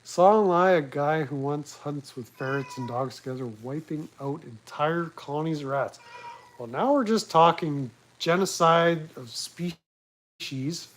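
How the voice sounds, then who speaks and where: A man with a slightly high voice talks at a measured pace over poor audio with a faint hiss or hum. He's casually hosting a live talk stream from his laptop at home, rambling and crude, and he jokes at his own expense.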